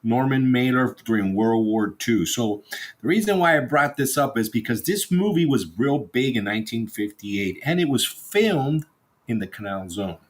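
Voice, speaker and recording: A man's voice: medium pitch, lively intonation, normal speed. A man co-hosting a casual chat, playful, reading out facts.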